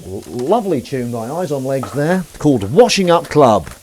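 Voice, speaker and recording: A man's voice: medium pitch, very animated, moderate pace, a crowd in the background. A man hosting a livestream, chatting casually and making self-mocking jokes while doing the washing up. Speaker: livestream host.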